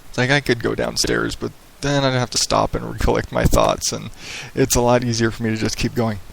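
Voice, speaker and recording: Podcast host, man, gravelly middle-pitched voice, loose rambling radio delivery on a headset mic, small echoey room. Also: a little fast, fairly bright tone, a little hiss or hum. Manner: rambling, profane, laid-back radio-style delivery. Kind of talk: casual solo podcast monologue. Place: small echoey home office with hardwood floors. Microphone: headset microphone.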